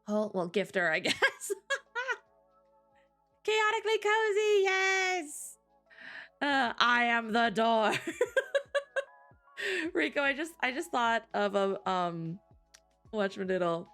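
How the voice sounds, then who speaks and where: A woman co-hosting a live stream, chatting casually, tired after a cry, with frequent giggles and drawn-out exclamations. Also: a little high, lively intonation, a bit bright, soft background music. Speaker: streamer co-host.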